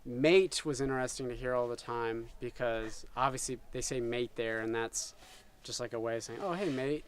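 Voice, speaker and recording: An American man telling stories in casual chat, lively and mimicking the people in his anecdotes. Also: medium pitch, normal speed, crowd noise. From United States. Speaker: climber recounting a year abroad. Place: outdoors at a climbing area.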